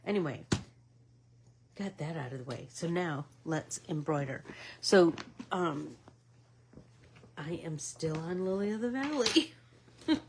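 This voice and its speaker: A middle-aged woman hosting a casual embroidery stitch-along livestream, chatting while she stitches and drifting into soft asides. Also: low voice, lively intonation, a little slow, long pauses, a little hiss or hum.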